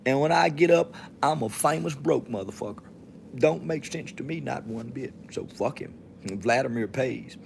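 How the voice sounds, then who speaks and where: A man's voice: on the high side, animated, moderate pace, gravelly, a little hiss or hum. A man from Texas with a Southern accent, hosting his podcast alone in a profane, swaggering, mocking rant. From Texas, USA. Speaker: podcast host. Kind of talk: solo monologue to camera.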